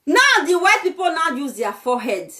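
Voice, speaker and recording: Young nigerian woman scolding hard in a vlog rant, high voice swinging all over. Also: sing-song, normal speed, bright, forceful tone. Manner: heated, scolding, exclamatory. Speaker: vlogger. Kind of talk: ranting vlog monologue.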